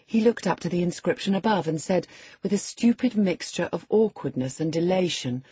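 A woman voicing a spirited, proud young woman who tells her story in a lively, scornful way. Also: lowish voice, normal speed, husky, no room sound. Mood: animated.

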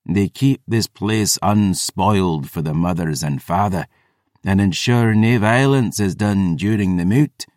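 A man's voice: low-pitched, measured pace, darkish tone, no echo, clean studio sound. A man voicing a guarded woman warrior in an audiobook, murmuring her lines plainly. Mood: quiet. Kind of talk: audiobook character voice.

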